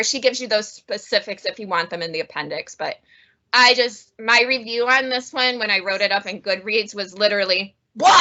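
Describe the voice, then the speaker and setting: A woman's voice: on the high side, bright, forceful tone. A woman librarian chatting casually about funny books she has read, laughing often as she talks. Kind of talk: casual book review chat.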